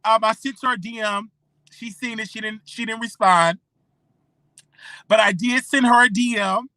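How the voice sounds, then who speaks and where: A blogger in their thirties, hosting a solo commentary show. The voice is bright and forceful, and the speaker talks emphatically, tossing "okay?" at the audience. It is recorded close and dry, with no room sound. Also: medium pitch, steady tone, moderate pace, dry recording. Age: 30s. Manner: emphatic, repeats "okay?" and "you know what I'm saying".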